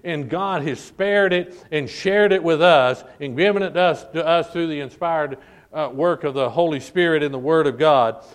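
A man with a fairly high voice preaches with fervent emphasis, repeating phrases and drawing out the words he stresses. He leans on the congregation, calling them folk and pressing each point home. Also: normal speed. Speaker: pastor. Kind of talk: sermon. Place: church service.

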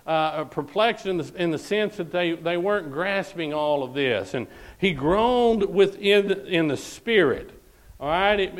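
A man's voice: high voice, poor audio. A man preaching a sermon, reading scripture aloud and pressing each point with repeated phrases and "All right?".

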